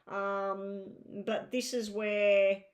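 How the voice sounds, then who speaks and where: A woman hosting a live tarot reading stream, talking in a chatty, reassuring way as she lays out cards. Her pitch sits in an ordinary middle range and she thinks aloud between readings. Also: flat delivery, extremely slow. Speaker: tarot reader.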